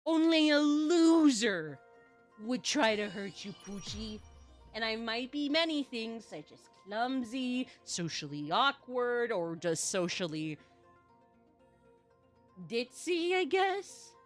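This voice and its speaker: A woman's voice: fairly high pitch, sing-song, slow, fairly bright tone, faint music behind. A woman streaming a video game in casual, playful chat, who slips into baby talk when she talks to her dog.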